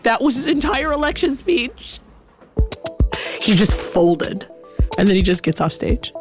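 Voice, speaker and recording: A woman telling a personal story in an animated, reflective way, with many "like" fillers. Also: on the high side, a little slow. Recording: music playing behind.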